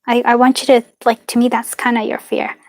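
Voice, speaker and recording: A tarot and charm reader hosts a live-stream card reading in a slightly high, fairly quick voice with vocal fry and little pitch movement. She's warm, chatty and reassuring, full of fillers and small laughs. There's no room sound, though she sometimes drifts away from her device mic.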